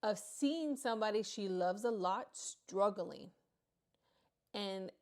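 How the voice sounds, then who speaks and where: A woman's voice: mid-range voice, slow. A woman hosting a gossip commentary channel, talking candidly and explaining her own take on events. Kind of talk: casual commentary.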